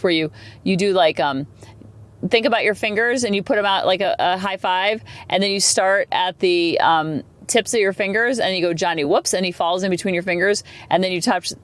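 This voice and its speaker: A woman in her forties hosting a parenting podcast, talking casually in a chatty, rambling way with animated asides. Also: medium pitch, dry recording. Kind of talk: casual solo podcast talk.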